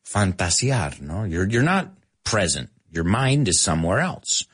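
Playful, husky-voiced male teacher. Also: low-pitched, a little slow. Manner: animated and playful, laughing at his own jokes. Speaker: English teacher on a live stream. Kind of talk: casual live-stream language lesson.

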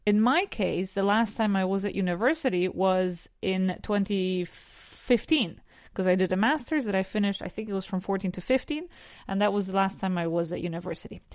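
A woman's voice: mid-range voice, normal speed, a little mellow, no echo, studio quality. A woman with a Spanish accent teaching English on a podcast, asking numbered questions and answering them in full sentences.

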